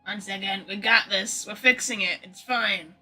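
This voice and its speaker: A woman's voice: mid-range voice, normal speed, sharp tone, soft background music. A young British woman chatting casually on a game stream, laughing easily and reacting aloud. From Britain. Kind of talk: casual live-stream chat.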